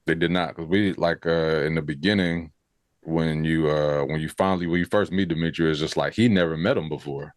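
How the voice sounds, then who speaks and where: Very deep-voiced man, laid-back chat. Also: a little fast, no echo, studio quality. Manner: relaxed, loose slang, fillers like "you know what I mean". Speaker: podcast co-host. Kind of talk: casual review chat.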